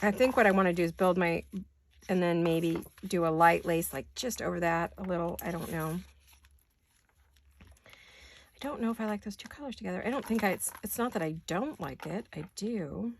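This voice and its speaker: An older woman who is hoarse today, chatting casually while she crafts in her home studio and thinking aloud in wandering asides. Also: fairly low pitch, moderate pace, a little hiss or hum. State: hoarse, deep voice. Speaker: craft vlogger.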